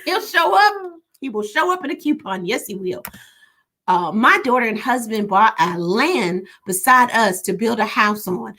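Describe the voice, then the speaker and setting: A woman's voice: medium pitch, moderate pace. A woman hosting a casual livestream, reading viewer comments aloud with teasing humor. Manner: animated, teasing, laughs often. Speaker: livestream host. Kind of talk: casual live-stream chat reading comments.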